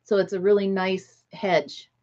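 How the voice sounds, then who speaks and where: A chatty middle-aged woman hosts a relaxed livestream from home, laughing often and greeting viewers by name. Her voice sits at an ordinary pitch, and the audio is a little dull and lo-fi. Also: unhurried. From United States. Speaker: livestream host. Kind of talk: casual chat.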